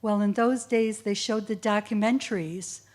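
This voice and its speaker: A woman's voice: mid-range voice, fairly even intonation, normal speed, darkish tone. Earnest woman answering student questions. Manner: emotional, tearful at times, earnest. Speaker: guest speaker, child of a Holocaust survivor. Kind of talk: school assembly Q&A.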